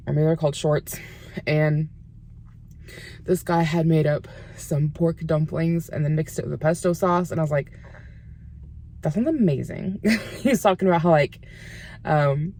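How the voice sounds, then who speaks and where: A woman's voice: low-pitched, darkish tone. A woman in her thirties chatting casually to the camera in a vlog, rambling and laughing often. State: out of breath. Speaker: vlogger.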